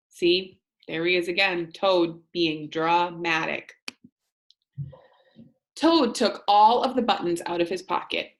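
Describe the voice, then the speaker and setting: A woman teacher reading a storybook aloud and explaining it to students, asking them gentle questions. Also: lowish voice, slow pace.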